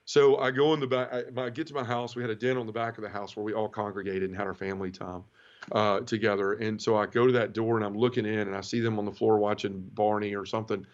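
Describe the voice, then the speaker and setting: A man's voice: on the low side, little pitch movement, fast talker. A middle-aged man tells an emotional personal testimony, earnest and often repeating words when moved. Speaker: interview guest. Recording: slightly dull, lo-fi.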